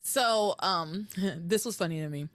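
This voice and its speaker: A woman co-hosting a podcast, recapping episodes in animated casual chat and acting out quoted lines. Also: fairly low pitch, unhurried, dry recording, clean studio sound. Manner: animated, recounting with quoted voices. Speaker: podcast co-host.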